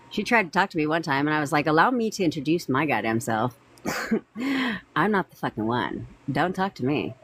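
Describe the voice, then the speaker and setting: A woman's voice: deep voice, a little hiss or hum, poor audio. Profane, gossipy woman coach storytelling. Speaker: manifestation coach. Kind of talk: casual live-stream storytelling.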